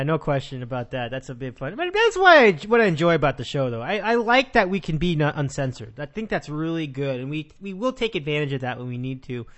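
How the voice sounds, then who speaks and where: Male podcast host, casual sports chat, rambling delivery, fairly high voice. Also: a bit bright. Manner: rambling, frequent restarts and laughs.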